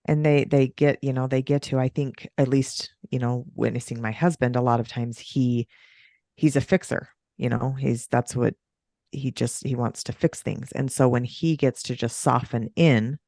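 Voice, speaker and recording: A woman who runs breathwork sessions, chatting on a podcast and telling stories with an animated, swooping delivery. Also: normal speed, no echo, studio quality. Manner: animated storytelling, big pitch swings. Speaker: breathwork facilitator. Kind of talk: podcast conversation.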